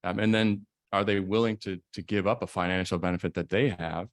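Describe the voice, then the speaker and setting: Deep-voiced male attorney explaining calmly. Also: fairly quick, no echo, studio quality. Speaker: estate planning attorney. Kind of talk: conference presentation.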